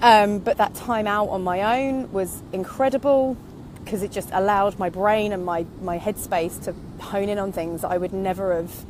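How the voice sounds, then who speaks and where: A woman's voice: medium pitch, fairly even intonation, normal speed, a little mellow, a little hiss or hum. A woman in her thirties, a vlogger talking candidly and going off on tangents while she walks, a little out of breath. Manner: candid, rambling, goes off on tangents. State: slightly out of breath from walking. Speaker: online business vlogger. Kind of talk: casual reflective monologue. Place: outdoors, walking.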